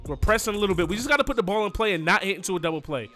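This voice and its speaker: Excitable man calling gameplay. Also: high-pitched, very fast, soft background music. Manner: excitable, cheers on his players, says "you know what I mean". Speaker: gaming YouTuber. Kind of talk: live play-by-play gameplay commentary.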